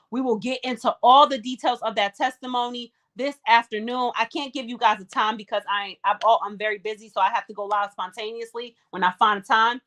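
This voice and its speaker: A woman with a high-pitched voice hosts a live-stream commentary. She talks with passion and keeps pressing rhetorical questions. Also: a bit bright. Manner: impassioned, fires rhetorical questions.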